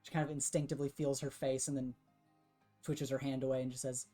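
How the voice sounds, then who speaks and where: Woman game master, very low voice, relaxed narration of players' actions. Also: fast, soft background music.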